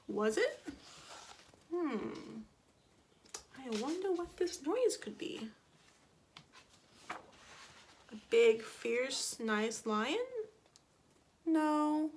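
A woman reads a picture book to children at an unhurried pace, her voice rising and falling a great deal. She keeps it playful, stopping to ask them questions and making the sound effects herself. Her voice sits a little high. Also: a little hiss or hum. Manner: asides and small corrections while reading. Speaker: children's story reader.

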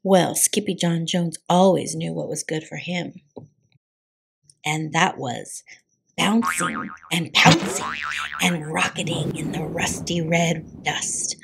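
A woman reading a picture book aloud for a preschool storytime, with an expressive, dramatic storyteller's delivery. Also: sits low, slow pace, gravelly, slightly rough. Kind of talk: children's read-aloud.

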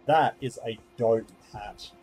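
A man's voice: medium pitch, slow, darkish tone, faint music behind, low-quality recording. Chatty male let's-play streamer. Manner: chatty, rambling, easily distracted. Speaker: gaming streamer. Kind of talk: casual let's-play commentary.

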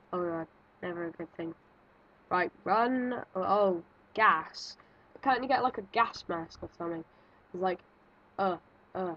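A woman's voice: fairly low pitch, muffled recording, slight background noise. A woman giving nervous, jumpy let's-play commentary, thinking aloud and exclaiming as she plays. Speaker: gaming video creator.

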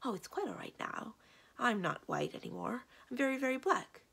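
A woman playing a breathy, anxious young witch. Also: fairly high pitch, sing-song, moderate pace, pitched above the performer's own voice, exaggerated voice. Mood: hushed. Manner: breathy, hushed, then pleading.

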